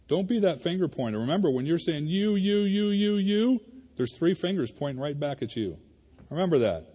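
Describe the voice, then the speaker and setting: A male pastor preaching a sermon in a church, conversational and animated, talking to the congregation like friends. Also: a little high, slightly rough. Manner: conversational and animated, addressing the congregation as "you guys". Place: church sanctuary. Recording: reverberant hall.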